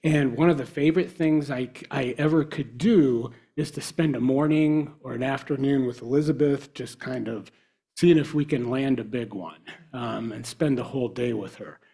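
A man telling a personal devotional story in a casual, halting way with frequent fillers. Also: medium pitch, gravelly, mellow, breathy edge.

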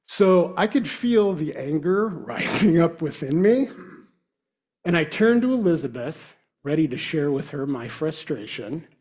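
A man telling a personal devotional story in a casual, halting way with frequent fillers. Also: on the high side, sing-song, darkish tone.

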